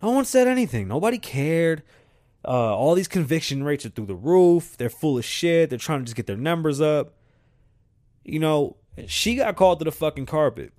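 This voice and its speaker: A man's voice: on the high side, big pitch swings, normal speed, darkish tone, no echo. Male host, slightly raised voice, dry close sound, profane and repetitive ranter. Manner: blunt, profane and repetitive, building to heated outbursts. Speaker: show host. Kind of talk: opinion rant monologue.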